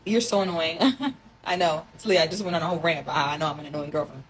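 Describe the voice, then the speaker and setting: Fast-talking low-voiced young woman. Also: slight background noise, poor audio. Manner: emotional, confessional, rambling, reads texts aloud. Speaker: vlogger telling her story. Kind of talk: casual storytime monologue.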